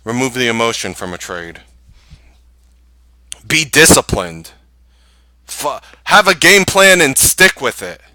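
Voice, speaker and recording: A man hosting a live trading stream, ranting casually to viewers in an animated, exasperated way and scoffing with short laughs. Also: medium pitch, slow pace, long pauses, no room sound.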